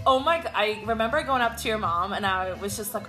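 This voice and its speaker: A woman with a Swedish accent hosts a relaxed podcast conversation at a middle pitch. She laughs often, talks frankly and drops the odd swear word. Faint music plays in the background. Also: fast, hardly any pauses. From Sweden. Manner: giggly, candid, swears freely. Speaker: podcast host. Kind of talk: casual chat. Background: faint music from a smart speaker.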